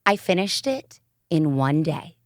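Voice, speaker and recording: A woman's voice: deep voice, very animated, unhurried, dry recording, studio quality. A woman with a Southern American accent co-hosting a podcast, gushing and giggly in casual chat. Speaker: podcast co-host.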